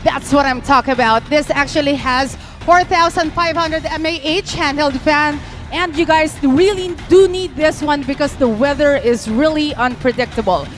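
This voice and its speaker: A woman with a Filipino accent, hosting a live auction at an event, calling bids in an energetic, playful way. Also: high voice, normal speed, soft background music. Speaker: auctioneer host. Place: live esports event venue.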